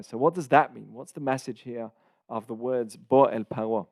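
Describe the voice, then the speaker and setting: A man hosting and teaching a casual Torah lesson, explaining in short phrases with pauses and glossing Hebrew terms as he goes. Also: medium pitch, darkish tone, no room sound, studio quality.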